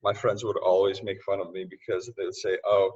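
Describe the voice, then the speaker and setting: A man speaking as a podcast guest in casual interview talk, loose and quick to laugh, often restarting his sentences. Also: deep voice, flat delivery, darkish tone, husky. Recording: distant, muffled remote audio.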